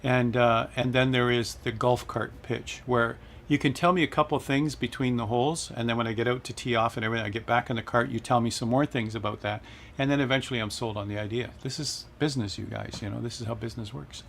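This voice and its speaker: A man's voice: medium pitch, steady tone, fast, gravelly, few pauses, fairly bright tone, a little hiss or hum. A middle-aged man hosting a casual flight-sim livestream, chatting and reading viewer comments aloud with frequent laughs. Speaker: livestream host.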